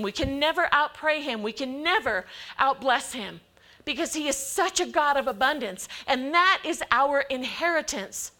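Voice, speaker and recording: A woman preaches to her church with a high, bright voice. She is emphatic and keeps acting out the voices of God and of anxious believers. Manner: emphatic, acts out quoted voices of God and people. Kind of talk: sermon.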